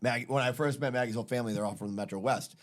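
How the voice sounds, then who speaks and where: A man's voice: medium pitch, rapid-fire. A man hosting a casual podcast, telling a rambling, profane story and laughing along with it. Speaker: podcast host.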